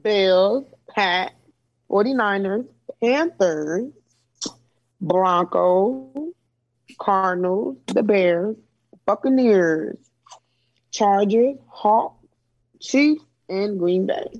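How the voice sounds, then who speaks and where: A woman co-hosting a casual sports chat, blunt and brisk as she reads off picks. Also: medium pitch, lo-fi sound. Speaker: podcast co-host.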